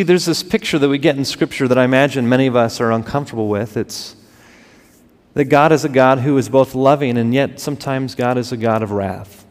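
A man in his thirties preaching a sermon, swinging between loud emphasis and hushed, drawn-out words. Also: medium pitch. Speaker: pastor. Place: church sanctuary. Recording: long hall reverb.

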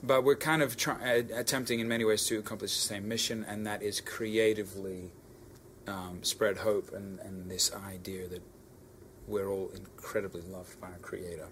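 An Australian man talks earnestly in a backstage interview, pausing and restarting as he searches for words. His voice sits on the low side, and a faint hum lies under it. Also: level tone, a bit bright. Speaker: musician guest. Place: backstage at a concert venue.

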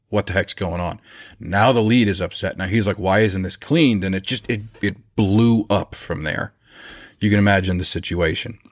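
Low-voiced man telling a business story. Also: no room sound, clean studio sound. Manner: relaxed, anecdotal, acts out quoted lines. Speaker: chimney service business owner. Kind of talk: conversational storytelling about running a business.

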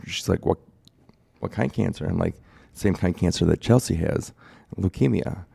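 A man's voice: sits low, moderate pace, gravelly, mellow, breathy edge. A man in his forties telling a personal story in a plain-spoken, rambling way during a casual chat. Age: 40s.

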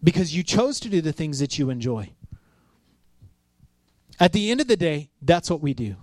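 A man in his thirties gives a chatty sermon in a fairly high voice, telling stories and acting out the voices in them. His delivery is animated, and the sound is close and dry. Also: moderate pace, dry recording. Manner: storytelling, animated, acts out quotes. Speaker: pastor. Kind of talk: conversational sermon.

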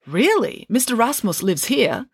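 Woman doing a brisk, clever girl detective. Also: on the high side, sing-song, creaky, breathy edge, no echo, studio quality, pitched above the performer's own voice, heavily acted. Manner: brisk, deductive. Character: matter-of-fact schoolgirl detective, clever and dry.

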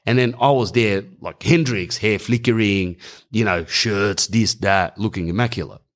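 A middle-aged man with an Australian accent telling a comic story in a casual, animated way, full of slang and asides to the audience. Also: on the low side, moderate pace. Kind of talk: stand-up storytelling.

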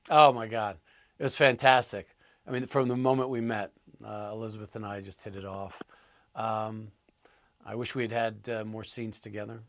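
Halting, low-voiced male actor guest. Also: steady tone, fairly bright tone, no echo. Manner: halting, thoughtful, hesitant. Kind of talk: interview answers.

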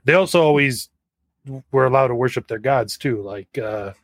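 A man's voice: mid-range voice, moderate pace, dry recording. Nerdy, detail-loving male co-host. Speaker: podcast co-host. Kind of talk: casual review chat.

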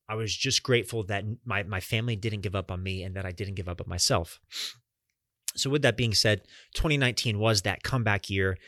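A man's voice: on the low side, a bit bright, dry recording, clean studio sound. A young man hosting a podcast, earnestly telling a personal story straight to his listeners and swearing casually. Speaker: podcast host.

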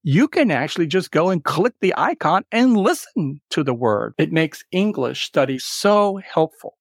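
A man teaching English exam tips in a recorded webinar, explaining clearly and spelling things out slowly. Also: on the high side, sing-song, dry recording, studio quality.

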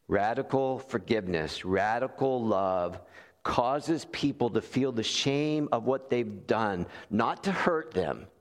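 A man preaching a sermon as pastor, earnest and conversational, who repeats key phrases for emphasis. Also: on the low side. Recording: long reverb in a large hall.

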